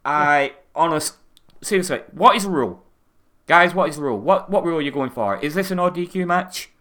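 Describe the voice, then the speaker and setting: A man rants through a casual podcast chat, swearing freely and sounding fed up. His voice sits a little high with a bright, forward tone. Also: expressive, fairly quick. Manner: ranting, swears a lot, exasperated. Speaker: podcast co-host.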